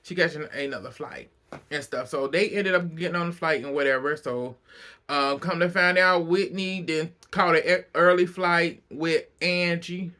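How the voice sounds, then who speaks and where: A man recapping a reality show episode in casual, animated storytelling, acting out the cast's lines and often breaking into laughter. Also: fairly high pitch, normal speed. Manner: animated storytelling, acts out cast quotes, laughs a lot.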